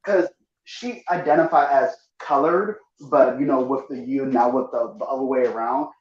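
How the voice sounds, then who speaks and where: A man's voice: mid-range voice, moderate pace, darkish tone. A man on a group live stream telling a loose, chatty story. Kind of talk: casual group chat. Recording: roomy, dull lo-fi mic.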